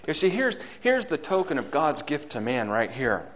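A male preacher delivering a sermon, swinging between loud, fervent climbs and hushed, low passages, and reading scripture aloud in old-fashioned wording. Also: big pitch swings, normal speed, few pauses. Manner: reads scripture aloud in King James wording.

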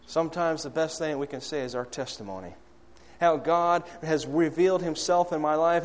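A man preaching a sermon, rising to loud, high-pitched calls and dropping to soft, low appeals, acting out quoted prayers and questions.

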